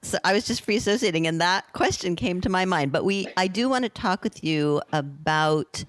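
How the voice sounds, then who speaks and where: A woman's voice: lowish voice, animated, moderate pace, no room sound. A woman hosting a podcast, chatting loosely with a guest and rephrasing as she goes. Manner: chatty, free-associating, loose phrasing with restarts. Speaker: podcast host. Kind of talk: casual podcast interview. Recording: dry close sound.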